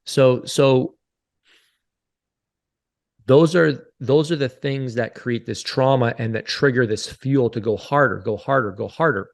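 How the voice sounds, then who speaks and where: A man in his forties speaks as a podcast guest, earnest and confessional, circling back over his own words as he tells a personal story. His pitch sits in an ordinary middle range for a man. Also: unhurried, gravelly. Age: 40s. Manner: earnest, confessional, repeats phrases. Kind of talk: candid interview storytelling.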